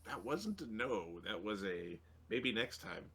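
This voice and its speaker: A man's voice: on the low side, big pitch swings, unhurried, pushed and bright, breathy edge. A man playing in a tabletop game, making wry, joking remarks in casual chat. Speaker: player.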